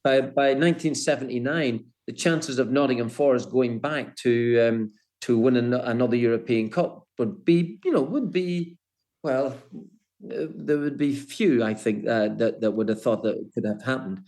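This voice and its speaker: An older man and former footballer, recalling old matches in a halting, restart-filled way. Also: mid-range voice. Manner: hesitant, many restarts, warm storytelling. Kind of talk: reminiscing interview.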